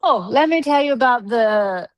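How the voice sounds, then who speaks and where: Animated woman telling stories on a podcast. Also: a little high, moderate pace, no room sound. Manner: animated storyteller, swears freely. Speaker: podcast co-host. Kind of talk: casual chat.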